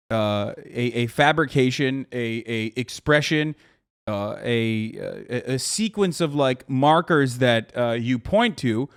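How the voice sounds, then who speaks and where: High-voiced man ranting profanely. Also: fairly bright tone, dry recording, studio quality. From United States. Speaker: streamer host. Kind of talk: casual reaction commentary.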